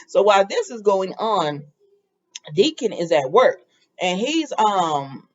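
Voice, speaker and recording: Brief: woman recap host, lively swooping delivery, chatty, muffled lo-fi audio. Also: medium pitch, takes it slowly. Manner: animated and chatty, with laughing asides. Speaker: soap opera recap host. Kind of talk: casual recap chat.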